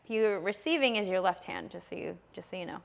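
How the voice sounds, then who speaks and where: A woman's voice: lowish voice, fast, gravelly. A woman in her thirties telling a personal story on a casual podcast, rambling along with lots of fillers and easy laughter. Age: 30s.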